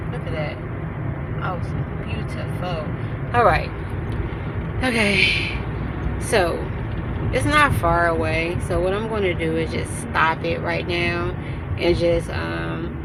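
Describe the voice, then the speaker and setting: A woman casually chatting to her viewers while riding in a car. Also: lowish voice. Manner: chatty, addresses viewers as y'all. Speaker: vlogger. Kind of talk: casual vlog chat. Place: in a car, then at a restaurant. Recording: loud road noise from a moving car. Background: car and traffic noise.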